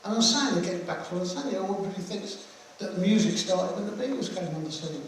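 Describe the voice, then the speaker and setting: A man's voice: high-pitched, animated, brisk, a little hiss or hum. An older man, a veteran musician, answering audience questions after a film screening in a joking, blunt, rambling way. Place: screening hall. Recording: echoey hall from far off.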